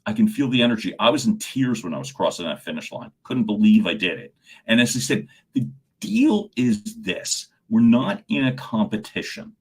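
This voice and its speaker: Male coach on a livestream: an animated, rambling talker who calls out viewers by name and trips over repeated words. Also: lowish voice, moderate pace, slightly rough. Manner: animated, answers viewers' chat comments by name; stumbles and repeats words when excited. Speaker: communication coach.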